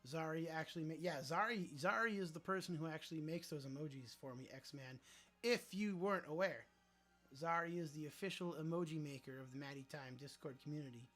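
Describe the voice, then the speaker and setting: A man's voice: a little high, fairly quick, fairly bright tone, soft background music. A man hosting a casual livestream, joking around and answering viewer chat aloud, with some swearing. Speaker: livestream host.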